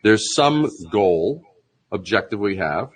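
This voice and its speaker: A man being interviewed as a branding expert, explaining in an animated conversational way, acting out mock sales pitches and laughing often. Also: takes it slowly, breathy edge, poor audio.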